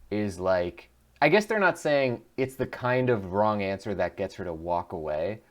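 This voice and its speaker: A man giving chatty, musing commentary over a game as a streamer, often laughing. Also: low-pitched. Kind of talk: gameplay commentary.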